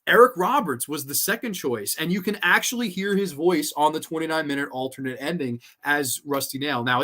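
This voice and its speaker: A young man hosting a horror movie review stream, chatting in an excitable, profane, rambling way and laughing easily. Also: fairly high pitch. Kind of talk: casual livestream commentary.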